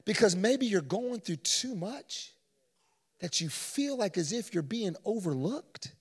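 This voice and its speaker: Husky high-voiced preacher in a church. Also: male voice, lively intonation. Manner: fervent, rising to shouts, drawn-out stresses. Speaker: pastor. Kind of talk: sermon. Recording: long reverb of a large church.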